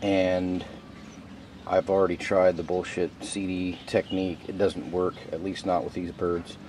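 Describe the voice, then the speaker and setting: A man with a deep, low voice talks casually and rambles as he walks through his garden, swearing offhandedly. Outdoor noise sits clearly behind him. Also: flat delivery, unhurried, darkish tone. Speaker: home gardener showing his plants. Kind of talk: casual walkthrough vlog. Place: outdoors by a garden in front of a house.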